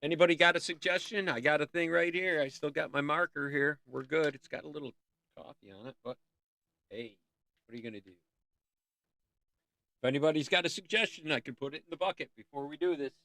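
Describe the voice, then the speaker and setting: A man's voice: fairly high pitch, brisk, creaky, bright, forceful tone, dry recording. A man hosting a casual art livestream, rambling and easily sidetracked, breaking off to sing bits of songs. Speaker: livestream host.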